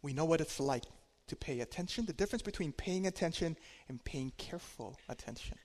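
A man preaching a sermon, telling a personal story in a conversational way, swinging between loud and quiet. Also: on the high side, animated, fairly quick, long reverb tail.

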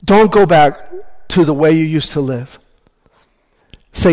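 A man's voice: on the high side, slow pace, long pauses, a little mellow. Earnest preaching man in a reverberant hall. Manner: earnest, emphatic preaching with scripture reading. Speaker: pastor. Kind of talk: sermon.

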